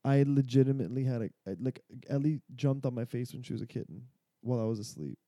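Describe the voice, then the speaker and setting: A man's voice: medium pitch, lively intonation, fast, warm tone, no echo, studio quality. A man co-hosting a podcast in casual chat, telling stories animatedly and swearing freely. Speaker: podcast co-host.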